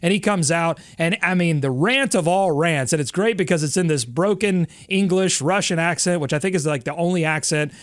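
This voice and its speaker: A man co-hosting a sports podcast, telling stories in a lively, laughing way. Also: a little high, moderate pace, few pauses, no echo, clean studio sound. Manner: animated, laughing storyteller. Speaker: podcast co-host. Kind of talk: casual sports chat.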